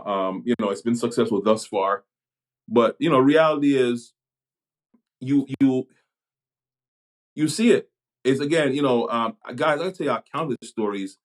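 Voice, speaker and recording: A Jamaica-born man, a pastor and police chaplain, talking things through in a podcast conversation, pausing and restarting his sentences as he thinks. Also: medium pitch. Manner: reflective, halting, many restarts.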